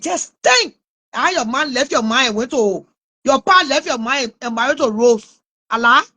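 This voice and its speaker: Liberian woman, high voice, mocking vlog rant with scornful laughs. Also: fairly bright tone, husky. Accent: Liberian English. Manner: mocking, scolding, with frequent laughs. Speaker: online commentator. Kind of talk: taunting live rant.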